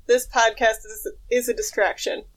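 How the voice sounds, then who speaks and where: A woman's voice: fairly high pitch, flat delivery, moderate pace. A young woman co-hosting a podcast, chatting casually and recapping a comic with dry jokes and frequent laughs. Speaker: podcast co-host.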